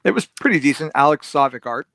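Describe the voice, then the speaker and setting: A man on a group video call, speaking in a measured, hesitant way. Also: fairly high pitch, big pitch swings, vocal fry, fairly bright tone, no room sound. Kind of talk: casual video-call chat.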